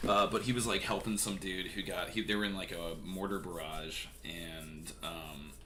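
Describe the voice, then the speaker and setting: Young male streamer with a deep voice, swearing and rambling through news commentary over faint noise. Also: flat delivery, moderate pace, pushed and bright. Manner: profane, rambling, filler-heavy.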